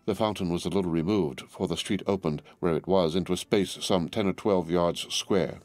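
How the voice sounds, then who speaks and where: A man narrating a classic novel as an audiobook in a measured, formal storytelling manner. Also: low voice, darkish tone, no echo.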